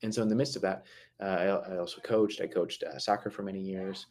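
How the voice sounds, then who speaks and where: A fairly low-voiced man hosts a live stream about mental health. He talks in a loose, conversational way, full of fillers and restarts, and he slows right down to lean on key words. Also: steady tone, a little mellow. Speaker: mental health talk host.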